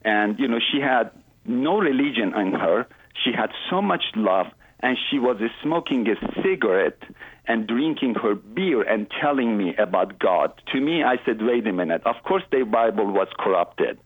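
A man, earnestly telling his personal story as an interview guest, in halting phrasing. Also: mid-range voice, lively intonation, slightly rough. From Iran. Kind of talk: personal faith testimony in an interview. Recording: dry, phone-like line.

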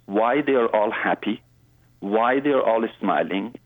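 A man, earnestly telling his personal story as an interview guest, in halting phrasing. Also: fairly low pitch, animated, dry recording. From Iran. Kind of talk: personal faith testimony in an interview. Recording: dry, phone-like line.

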